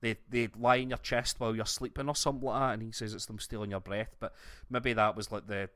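A Scottish man co-hosting a podcast, telling stories in a sweary, animated way. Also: fairly low pitch, quick pace, dry recording, studio quality. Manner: sweary, animated storytelling with laughs. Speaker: podcast co-host. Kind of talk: casual chat.

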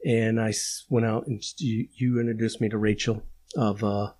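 A man's voice: lowish voice, little pitch movement, darkish tone. A man hosting a casual podcast chat, talking with emotion and restarting his sentences often. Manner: emotional, halting, many restarts. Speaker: podcast host.

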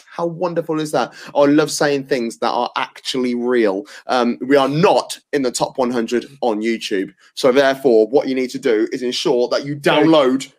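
A man's voice: medium pitch, moderate pace, few pauses. A man from England hosting a casual football podcast, talking with plenty of fillers and restarts and making confident predictions. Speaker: podcast host.

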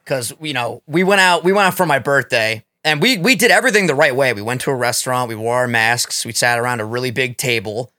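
A man's voice: medium pitch, expressive, quick pace, hardly any pauses, bright, forceful tone, dry recording, clean studio sound. A young man hosting a podcast, chatting in a friendly, sympathetic way with his co-host. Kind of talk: casual podcast chat.

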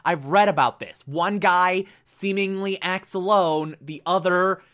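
A man plays a composed, clever young man who speaks in a measured, matter-of-fact way. The voice is bright and a little high. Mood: cool.

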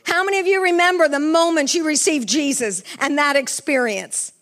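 A woman's voice: sits high, moderate pace, fairly bright tone. A middle-aged woman preaching a sermon with fervor, asking the congregation questions. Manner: fervent, asks the congregation questions.

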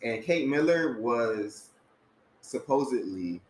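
A man's voice: medium pitch, lively intonation, slow, darkish tone. A man co-hosting a podcast, trading celebrity gossip in a laid-back, slangy way and laughing often. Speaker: podcast co-host. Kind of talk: casual gossip chat. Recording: echoey room with faint hiss.

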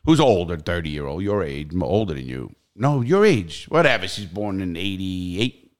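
An older man tells a long, wandering story on a podcast. His voice sits a bit low, and he curses freely. He restarts his sentences often as he goes. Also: lively intonation, normal speed. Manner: rambling storyteller, swears freely, many restarts. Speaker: podcast host. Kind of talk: casual podcast chat.

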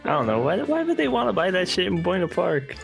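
A man's voice: sits high, big pitch swings, fast, vocal fry, over music. A young man co-hosting a podcast, swearing freely and ranting in loose casual chat. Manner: profane, rant-like storytelling. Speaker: podcast co-host.

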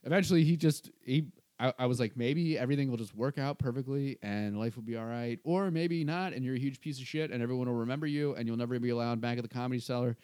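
A man's voice: medium pitch, fast, hardly any pauses, clear, resonant tone, no room sound, studio quality. A man, a stand-up comedian, telling a story in casual podcast talk and acting out what other people said. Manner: animated, acts out the other people's lines. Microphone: podcast microphone.

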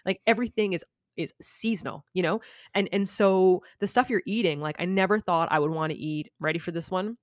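A woman guest in casual conversation, telling stories with lively acted-out quotes. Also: on the low side, fairly quick, no room sound, studio quality. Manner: animated storyteller, acts out quotes. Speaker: podcast guest. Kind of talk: casual chat.

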